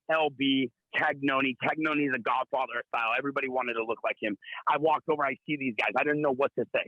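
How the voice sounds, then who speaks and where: A man in his thirties from Southern California, calling in as a guest and telling boastful comic stories with brash, rapid-fire bravado. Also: a little high, breathy edge, no echo, muffled recording. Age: 30s. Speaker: call-in guest.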